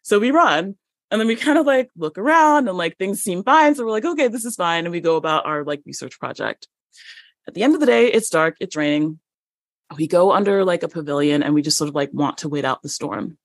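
A woman guest on a podcast, telling a story in an animated, chatty way with many fillers and laughs. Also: on the low side, a little fast, no room sound, studio quality. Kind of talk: conversational storytelling.

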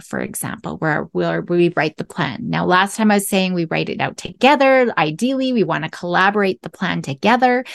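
A woman's voice: medium pitch, creaky, no room sound, studio quality. A woman hosting a parenting podcast, explaining in an earnest way and often checking in with "right?" and "okay?". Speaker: podcast host.

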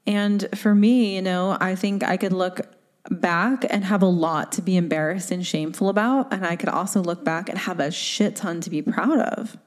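A woman with a low-set voice gives a solo motivational talk as a coach. She speaks casually and candidly, leaning on fillers and quick tag questions. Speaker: podcast host and coach.

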